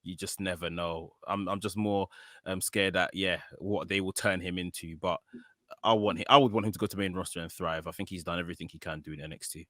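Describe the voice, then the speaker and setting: A man in casual podcast chat, lower-pitched with a bright, forward tone. He talks through the news in an easy way with plenty of fillers. The recording is dry and close. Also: brisk, dry recording. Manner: informed, relaxed commentary with fillers. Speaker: podcast co-host.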